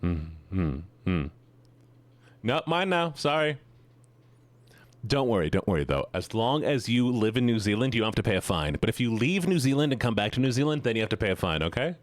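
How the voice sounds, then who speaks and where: A man streaming live, joking with his chat in a playful, teasing voice. His pitch swings widely as he hams up mock-villain boasts. The sound is close and dry, with no room around it. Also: very animated, brisk, no echo.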